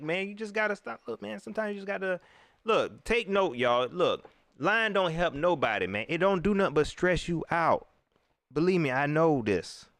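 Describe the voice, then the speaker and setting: A man hosting a live sports show, teasing and preaching in casual, animated commentary. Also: sits high, clean tone, dry recording, clean studio sound.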